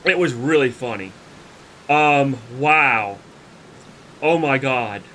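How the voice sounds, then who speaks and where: A man's voice: medium pitch, animated, slow, sharp tone, slight background noise. A man streaming a game and reacting with constant giggling, laughing until he tears up while sick with the flu and coughing. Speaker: let's play streamer.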